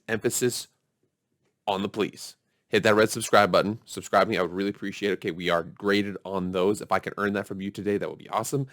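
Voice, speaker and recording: A man's voice: low voice, dry recording, clean studio sound. A man hosting a football show in casual, upbeat commentary, chatty and hyping his viewers. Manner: upbeat and chatty, hypes the audience.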